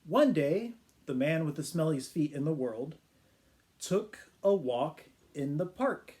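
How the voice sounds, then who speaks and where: A man, an English teacher, telling a children's story to learners in a playful, animated way. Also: on the high side, takes it slowly. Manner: animated, playful sound effects and voices.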